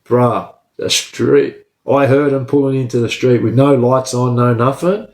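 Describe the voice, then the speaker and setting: In a medium-pitched, slightly slow voice, a man tells a story from his own life about escaping prison. He's casual, animated, and profane, constantly tagging lines with "bro" and "right?", and the recording has a roomy echo.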